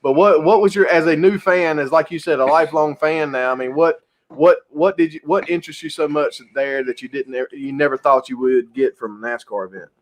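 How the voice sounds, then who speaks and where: A man hosting a chat podcast, talking in a halting way with many restarts. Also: fairly high pitch. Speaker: podcast host. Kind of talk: casual chat.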